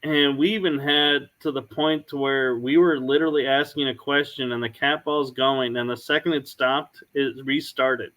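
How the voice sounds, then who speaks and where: A man hosting a podcast, telling stories in a casual, unhurried way. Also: medium pitch, fairly even intonation, fairly bright tone. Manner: storytelling, unhurried. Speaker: podcast host. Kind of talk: casual chat.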